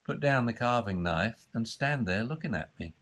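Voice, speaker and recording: A man explaining dog training in a conversation, acting out the voices he uses with dogs. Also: moderate pace. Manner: acts out high fussy voices and low calm commands.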